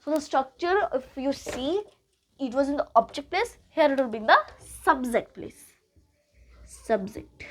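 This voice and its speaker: A young woman with a high voice and an Indian English accent teaches grammar in an unhurried classroom manner. She repeats each point and drops into Hindi to explain things. She talks to the learner as a teacher would. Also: animated.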